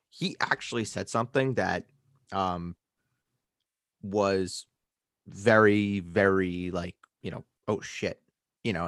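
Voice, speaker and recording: A man hosting a casual podcast, an animated storyteller who swears freely. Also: fairly low pitch, dry recording, clean studio sound. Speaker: podcast host.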